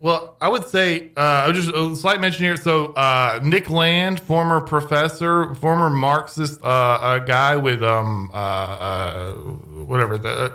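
Man, from texas, bright tense voice, slightly high, halting restarts, casual chat.

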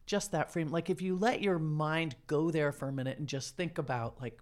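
A woman's voice: low voice, a little fast, darkish tone. A woman hosting a casual chat, talking in loose, rambling sentences and laughing often. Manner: chatty, laughs often, trailing restarts. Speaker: podcast host.

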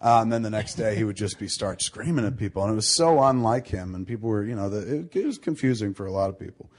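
Man, husky voice, lowish pitch, casual podcast chat, rambling profane storyteller. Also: lively intonation, fast, a little mellow. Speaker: podcast host.

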